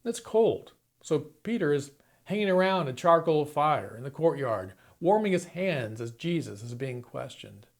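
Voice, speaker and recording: A man's voice: a little high, sing-song, unhurried, hardly any pauses. A man preaching a sermon, retelling a story dramatically and acting out the quoted lines. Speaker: pastor.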